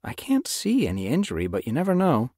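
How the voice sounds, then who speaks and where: A man voicing a caring, practical female mentor cat in a storybook reading, giving gentle advice. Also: medium pitch, wildly swooping pitch, fairly quick, dry recording, studio quality, pitched above the performer's own voice. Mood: advising. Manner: advising, gentle.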